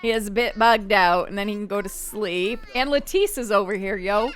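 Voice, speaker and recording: A woman casually narrating a life-simulation game, chatty and expressive, talking to the characters and the game as she plays. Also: medium pitch, normal speed, faint music behind. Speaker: game streamer. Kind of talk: casual let's-play narration.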